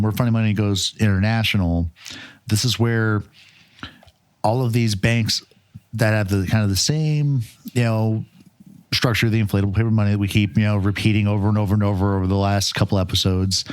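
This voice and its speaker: A man with a lowish voice talks through a book on a podcast in an easy, meandering way. He leans on fillers and drops the odd swear. The sound is close and dry, with no room around it. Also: steady tone, moderate pace, clear, resonant tone, no echo. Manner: rambling, with frequent fillers and swearing. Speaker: podcast co-host. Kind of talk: casual chat about a book.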